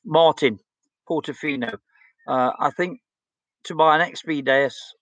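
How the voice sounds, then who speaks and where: A man's voice: on the high side, unhurried, fairly bright tone, lo-fi sound. Blunt older man. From England. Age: 60s. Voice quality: blunt and outspoken. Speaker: livestream host. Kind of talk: casual chat reading viewer comments.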